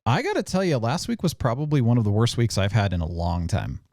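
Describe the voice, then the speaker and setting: A man hosting a casual podcast chat, hoarse from screaming, jokey and self-mocking. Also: medium pitch, huge pitch swings, fast talker, a little mellow, no echo, studio quality. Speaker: show host.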